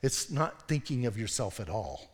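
A man preaching a sermon as pastor, animated and self-deprecating, dropping to quiet asides as he tells stories. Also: lowish voice, moderate pace, breathy edge. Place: church sanctuary. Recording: long hall reverb.

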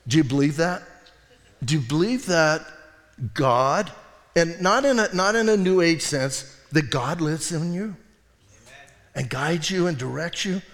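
A male pastor preaching a sermon, telling stories with lively acted quotes and laughter. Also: fairly high pitch, a little slow, pauses often, big-room sound. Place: church sanctuary.

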